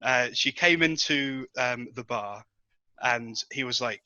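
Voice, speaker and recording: A man's voice: mid-range voice, slow pace, pushed and bright, no room sound. A man on a podcast, telling a rambling anecdote with lots of ums and restarts. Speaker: podcast regular telling a story. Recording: dull lo-fi dry sound.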